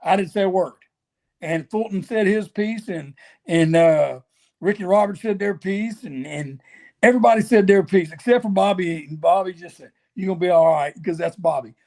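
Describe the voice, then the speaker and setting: A man, a wrestler guest telling animated stories and acting out what people said. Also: high voice, moderate pace. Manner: folksy, animated storyteller who acts out quotes. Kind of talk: storytelling interview.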